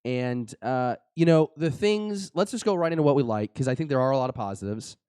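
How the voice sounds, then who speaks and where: Animated and a little fast, this young man hosts a podcast in a medium-pitched, slightly mellow voice with a clean tone. He jokes around in casual live-show chat with frequent fillers and restarts, and the studio-quality audio has no echo.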